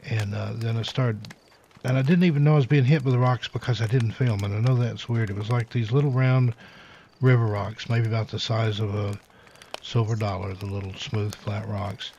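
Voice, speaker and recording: A man hosting, recalling an outdoor experience in a relaxed, rambling way. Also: on the low side, normal speed. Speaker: host. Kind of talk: casual spoken story. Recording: dull lo-fi audio with faint hiss.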